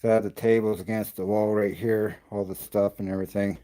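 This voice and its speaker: A man's voice: on the low side, level tone, a little fast, dark tone. A man doing a paranormal investigation vlog, out of breath and rambling as he talks to the camera. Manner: rambling, self-interrupting. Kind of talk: casual vlog talk.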